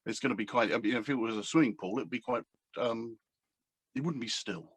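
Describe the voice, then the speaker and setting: A man's voice: mid-range voice, fairly quick, a bit bright, husky, dry recording. A middle-aged man, a coach, talking casually to a camera on his table, rambling and hesitant with many fillers. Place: indoors at a table. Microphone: camera standing on the table.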